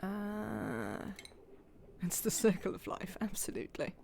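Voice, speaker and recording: Gravelly, lively woman streaming a game. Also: medium pitch, a little slow, noisy background. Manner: chatty, rambling self-talk while playing. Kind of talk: live game commentary.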